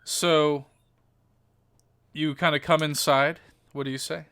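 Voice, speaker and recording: A man narrating a tabletop game as game master, descriptive and halting with frequent fillers. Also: a little high, flat delivery, bright, forceful tone, clear, resonant tone, dry recording, clean studio sound.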